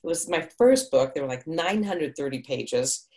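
A woman's voice: deep voice, expressive, moderate pace, dark tone. A middle-aged woman from Hungary, an actress, chatting upbeat in an interview, digressing and laughing often. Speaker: actress and audiobook narrator. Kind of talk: casual interview answers.

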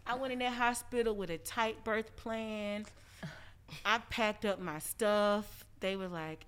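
Woman on a podcast, smooth clear voice, acts out every quote, laughs a lot. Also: medium pitch, fairly even intonation, slow pace, fairly bright tone. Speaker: podcast guest, rapper. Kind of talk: animated storytelling in casual chat.

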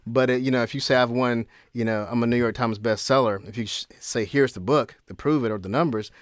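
A man co-hosting a podcast, explaining ideas in a thoughtful, measured way. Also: mid-range voice, steady tone. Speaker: podcast co-host. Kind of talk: casual podcast conversation.

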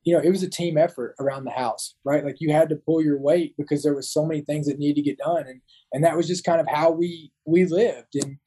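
A man's voice: fairly high pitch, fairly even intonation, a little fast, few pauses, mellow, breathy edge, low-quality recording. A man in his thirties, a Marine veteran, talking as a guest in an interview, often restarting and repeating words. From United States. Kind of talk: casual interview talk.

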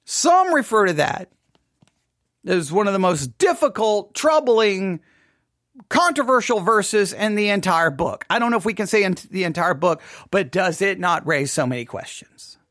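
A man leading an informal Bible study lesson, animated and questioning, acting out imagined objections. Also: high voice, moderate pace, no echo, clean studio sound.

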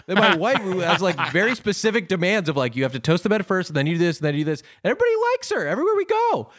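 A man who is a podcast guest, chatting casually in a self-deprecating way with lots of halting restarts. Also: high voice, fairly bright tone, no echo, studio quality. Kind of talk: casual comedic chat.

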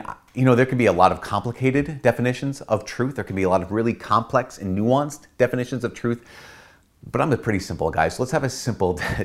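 Priest guy explaining stuff casually, lowish voice that jumps all over, keeps repeating himself and doing little voices. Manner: animated, repeats himself, acts out quotes in playful voices. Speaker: priest and channel host. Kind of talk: casual teaching talk.

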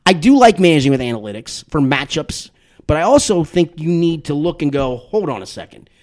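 A man with an American accent hosting a casual sports podcast, an animated storyteller who repeats words when he gets going. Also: a little high, brisk. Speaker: podcast host.

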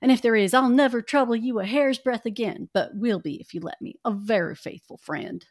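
A woman voicing an earnest young male Texan suitor, reading his lines in a put-on drawl with a lowered voice. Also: brisk, background noise, lightly acted. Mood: earnest, folksy.

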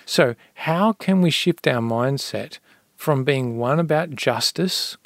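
A man on a podcast telling a parable and giving money tips in a calm, storytelling way. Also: mid-range voice, takes it slowly, no room sound, clean studio sound. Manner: storytelling, repeats a refrain calmly. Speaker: guest expert on personal finance.

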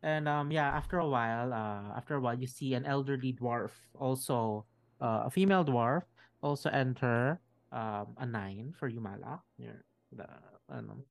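A man's voice: medium pitch, normal speed, vocal fry. A man narrates a tabletop game as its game master. He rambles, stops and restarts, and fills his sentences with ums and uhs. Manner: rambling with many fillers.

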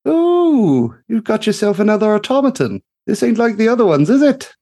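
Guy doing a bubbly gnome mechanic girl, high squeaky voice, really animated and gushing. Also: moderate pace, full character voice. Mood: chirpy.

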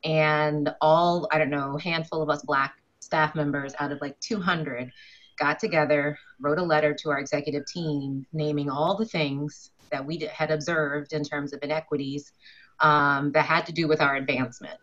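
A woman with a low voice joins a live stream over a video call to ask a question. Her audio is dull and lo-fi. She speaks earnestly and hesitates with "um" now and then. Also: fairly even intonation, moderate pace, a bit bright. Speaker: audience member asking a question.

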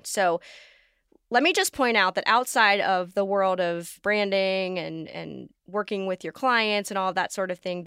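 Female podcast co-host, wry and sarcastic, smooth resonant voice, dry close-mic sound. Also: medium pitch, bright, forceful tone, no room sound. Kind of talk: conversational podcast talk.

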